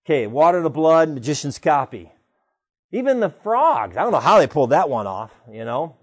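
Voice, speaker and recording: A man preaching a sermon in a conversational, animated way, retelling stories and asking rhetorical questions. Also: a little high, normal speed, slightly rough. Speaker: pastor.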